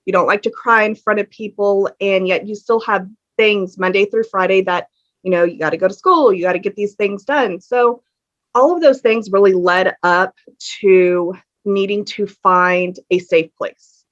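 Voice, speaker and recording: Speaking at a moderate pace with a medium-pitched, fairly bright voice, a woman shares her story as a podcast guest. She's earnest and candid, using lots of ums in this relaxed interview. A fan hums in her home room, and the lo-fi recording sounds dull.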